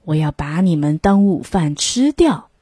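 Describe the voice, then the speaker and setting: A woman's voice: sing-song, measured pace, mellow, husky, no echo, studio quality, exaggerated voice. A woman doing a hissing hungry snake. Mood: menacing. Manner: hissing, low menace.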